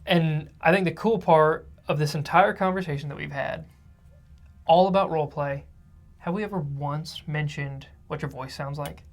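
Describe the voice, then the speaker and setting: A man co-hosting a podcast in casual chat, who calls himself a fast talker. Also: a little high, soft background music. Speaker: podcast co-host.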